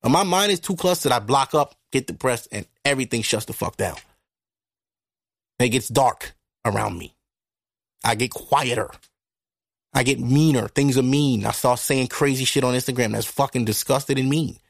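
A man hosting a podcast, talking through a casual monologue into a microphone in a blunt, profane, animated way. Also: medium pitch, normal speed, creaky, no room sound, clean studio sound. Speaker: podcast host. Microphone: studio microphone.

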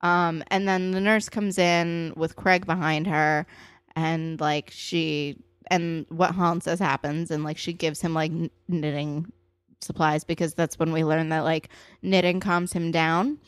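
A woman with a fairly low voice, chatting her way through a TV episode recap. Her speech is loose and full of fillers, and she slips into higher voices to quote the characters. The sound is dry and close. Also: flat delivery, unhurried, clear, resonant tone, dry recording.

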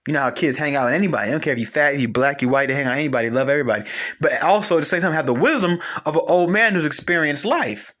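A young male commentator delivers a blunt, animated, casual monologue about relationships, packed with slang and repeated phrases. His voice is a little high and his pace quick.

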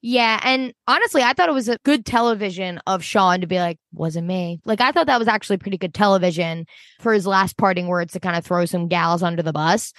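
A woman's voice: medium pitch, fast talker, a bit bright, dry recording, clean studio sound. A woman co-hosting a casual podcast chat, chatty and emphatic, swearing and using slang. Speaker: podcast co-host.

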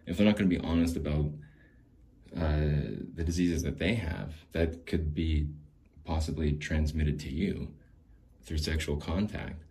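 A man's voice: a bass voice, fairly even intonation, measured pace, dark tone. A man hosting a podcast, talking alone in a loose, rambling way, with lots of restarts, casual swearing and laughs between thoughts. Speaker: podcast host.

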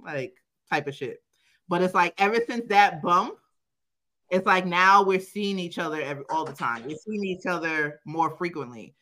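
In a casual podcast chat, a young adult woman co-host tells a personal story, swearing freely, quoting herself, and laughing a lot. Her voice is on the low side and her pace is normal.

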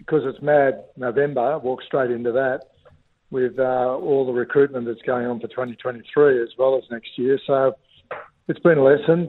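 An older Australian man, a rugby league club's football director, talking relaxed and rambling in a phone interview. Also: mid-range voice. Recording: tinny phone line.

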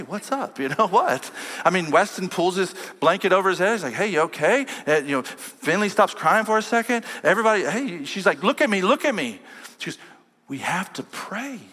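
A man's voice: high voice, expressive, fairly quick, pushed and bright. A man preaching a sermon as a pastor, telling a story and quoting his family along the way. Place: church sanctuary. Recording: long church hall reverb.

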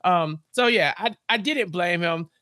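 A man co-hosting a podcast in casual chat, animated and acting out characters' lines as he recaps an episode. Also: sits high, unhurried, no room sound, clean studio sound. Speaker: podcast co-host.

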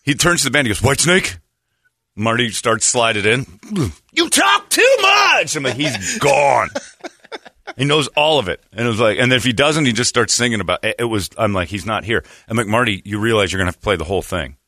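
Man, radio host, low bright voice, dry close sound, casual storytelling, does quoted voices. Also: a little fast, no room sound.

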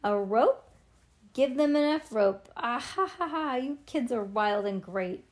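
A kooky, cheerful old neighbor lady in a storybook, squeaky and giggly, pitched up high. A woman voices her while reading aloud. She sounds gleefully odd. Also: expressive, unhurried.

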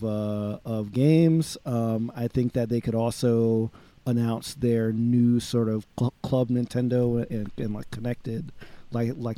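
A man's voice: medium pitch, mellow, dry recording. A man talking casually on a podcast, rambling with many restarts and fillers as he lays out his thoughts. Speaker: podcast co-host.

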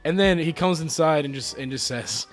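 A man's voice: fairly high pitch, normal speed, faint music behind. A young man co-hosting a podcast, chatting loosely with lots of fillers and swearing. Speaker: podcast co-host. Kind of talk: casual chat.

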